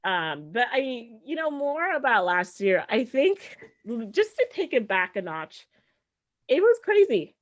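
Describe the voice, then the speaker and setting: A woman's voice: fairly high pitch, very animated, a little slow. A woman doing a stand-up comedy set, talking in a sarcastic, conversational way and dotting her lines with "like" and "right?". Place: comedy show stage. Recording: dull, muffled sound.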